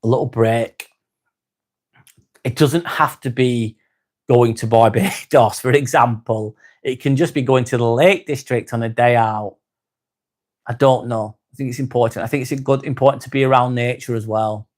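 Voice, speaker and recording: A man with an East Lancashire accent hosts a live stream in a relaxed, unhurried way. His voice sits at an ordinary middle pitch. He reads out viewer comments and answers them with friendly, easygoing warmth. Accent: East Lancashire English. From North West England. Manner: calm, unhurried, winding down, calls people mate.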